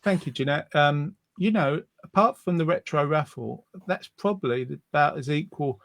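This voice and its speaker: A man's voice: a little high, normal speed, fairly bright tone, dry recording. A man hosting a casual online show, reading out listener comments with a jokey, teasing manner. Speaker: host.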